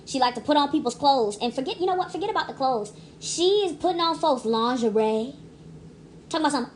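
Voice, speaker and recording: Young woman vlogger, slightly high voice, casual rambling review, emphatic and chatty, faint room hum. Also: expressive, fast talker. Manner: chatty, emphatic, many restarts and asides.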